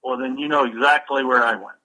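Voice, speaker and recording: Very bright-voiced man telling stories. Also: mid-range voice, fairly quick, rough recording. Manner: animated anecdote teller. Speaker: podcast guest. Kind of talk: casual chat.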